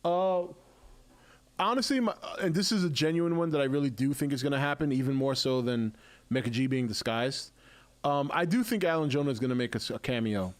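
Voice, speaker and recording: A man's voice: medium pitch, fairly quick. Chatty male live stream host. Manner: chatty, laughs often, restarts sentences. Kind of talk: casual live stream chat.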